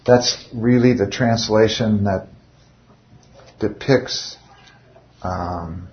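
A man's voice: fairly low pitch, drawn-out words, dull audio. A man leading an informal Bible study, speaking conversationally and often putting rhetorical questions to his listeners.

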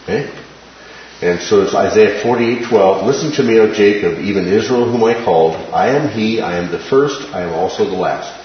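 A man with a low voice teaches a Bible study lesson at a moderate pace, explaining verses, quoting scripture, and checking in with "right?" and "okay?". The room is boomy and very echoey, giving a dull, lo-fi sound with faint hiss.

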